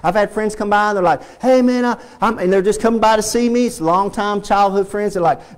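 In a church sanctuary, a Texan-accented man preaches a fervent sermon as pastor, repeating his points and climbing to emphatic peaks. His voice is high-pitched and brisk, with hardly any pauses.

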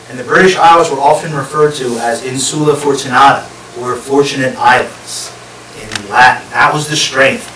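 A guest lecturer gives a public history lecture to a live audience, explaining step by step and putting questions to listeners. His medium-pitched voice sounds pushed and bright, picked up by a distant mic in an echoey room with faint hiss.

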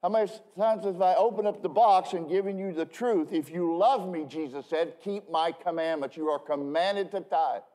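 A man's voice: high voice, normal speed, hardly any pauses, warm tone. A man who is a pastor, preaching a casual evening sermon in a joking, rambling way, with emphatic bursts and frequent restarts. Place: church.

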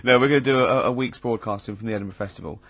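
A man's voice: on the low side, rapid-fire, fairly bright tone, slightly rough, no room sound. An English man hosting a radio show, telling stories with chatty fillers and frequent laughter. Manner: chatty storyteller, laughs often, hesitant fillers. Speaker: radio host. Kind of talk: casual radio banter. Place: radio studio. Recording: slightly dull radio broadcast.

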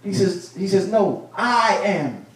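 Man preaching with a high lively voice. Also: slow pace. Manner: preaching with rising bursts and repeated phrases. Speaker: pastor. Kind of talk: sermon. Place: church sanctuary. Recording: echoey church room, mic at a distance.

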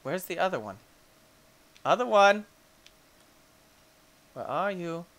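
A man hosting a gaming channel, giving excitable Let's Play commentary and cooing baby talk at his pets. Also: high-pitched, slow pace.

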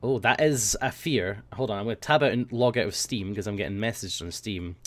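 A man's voice: lowish voice, brisk. A man hosting a gaming video, chatting in a rambling, jokey way. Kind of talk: casual gaming chat.

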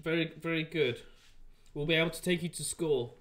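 A man's voice: a little high, fairly quick, a bit bright. A man hosting a live stream, chatting casually and joking in rambling banter. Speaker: livestream host.

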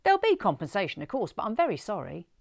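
A woman reading a story aloud, voicing a loud, jovial, bossy male tour guide. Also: medium pitch, huge pitch swings, fast talker, creaky, no echo, studio quality, heavily acted. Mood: consoling.

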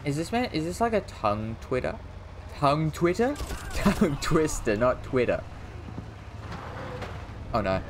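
A man's voice: a little high, sing-song, measured pace, pauses often, background noise. A man casually talking through a video game as he plays, rambling and mocking himself, now and then yelping at what happens on screen. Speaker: gaming streamer. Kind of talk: casual gameplay commentary.

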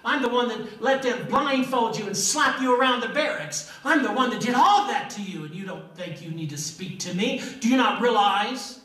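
A man voicing an arrogant, indignant Roman governor, speaking loudly with drawn-out, outraged questions. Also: extremely high pitch, lively intonation, pitched above the performer's own voice, exaggerated voice. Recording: echoey church from a distance.

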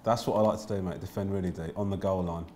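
A man's voice: steady tone, fast talker, darkish tone. A man, a comedian appearing as a guest, trading dry, sarcastic banter while playing a video game. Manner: dry, sarcastic, low-key.

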